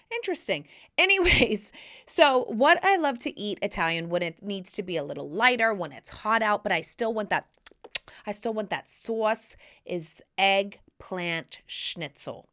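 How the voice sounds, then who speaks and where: A woman in her forties hosting a podcast, chatting in a playful, cheeky and expressive way. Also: medium pitch, a little slow. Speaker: podcast host. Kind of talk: casual solo podcast chat.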